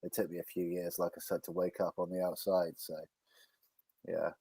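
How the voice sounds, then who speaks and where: A man chatting casually as a co-host or guest, relaxed, his phrases often trailing off softly. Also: sits low, normal speed, creaky, husky, no echo. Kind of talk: casual live-stream chat.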